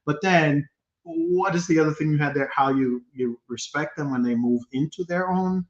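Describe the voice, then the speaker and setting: His voice sits on the high side and moves at an ordinary speed as he co-hosts a laid-back podcast. Animated and quick to laugh, he spins stories in an echoey space recorded with dull, lo-fi sound.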